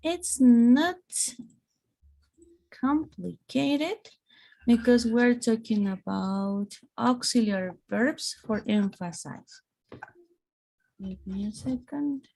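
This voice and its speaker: A woman whose first language is Spanish teaches an online English grammar lesson over a video call, explaining patiently step by step and checking in with many "okay"s. Her voice is a little high, expressive and gravelly, with a dark tone, a slow pace and long pauses.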